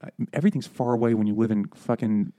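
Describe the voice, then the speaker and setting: Fast-talking man telling a long story. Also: on the low side, warm tone. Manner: rambling anecdote, laughing, acting out quotes. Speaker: podcast co-host. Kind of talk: casual chat, storytelling.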